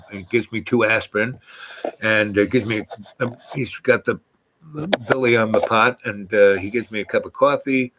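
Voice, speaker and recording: A man's voice: mid-range voice, moderate pace, fairly bright tone, slight background noise, low-quality recording. A man from New York telling a personal story in a casual, meandering way, full of asides and restarts.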